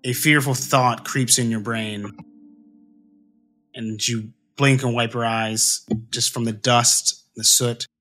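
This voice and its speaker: Game master guy, bright voice, lots of ums, faint music behind. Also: medium pitch, steady tone, slow pace. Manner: hesitant, many fillers, clears throat. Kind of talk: narrating a tabletop game.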